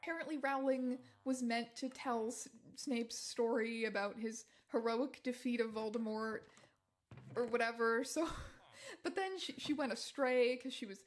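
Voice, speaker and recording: A woman's voice: a little high, steady tone, normal speed. A female text-to-speech voice that reads out a chat guest's messages evenly and mechanically. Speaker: chat guest speaking through a voice bot.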